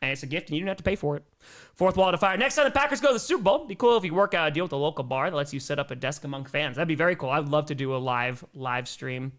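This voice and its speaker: A young man hosting a live sports stream, reading out fan donations and messages with energetic, jokey cheering. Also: fairly high pitch, very fast.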